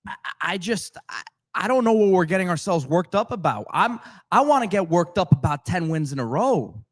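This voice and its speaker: A man's voice: high voice, big pitch swings, moderate pace. A man co-hosting a sports podcast, exasperated and stammering as he starts his points. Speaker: podcast co-host. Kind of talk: animated sports talk.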